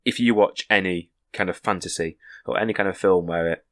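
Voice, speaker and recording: A man's voice: sits low, fairly quick, a bit bright. A man, co-hosting a casual podcast chat in a chatty, teasing way. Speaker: podcast co-host.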